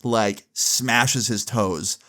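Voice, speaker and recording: A man's voice: fairly low pitch, steady tone, drawn-out words, bright, forceful tone. A young man telling a casual story full of crude slang, filling his talk with "like". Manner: crude, casual, many "like" fillers.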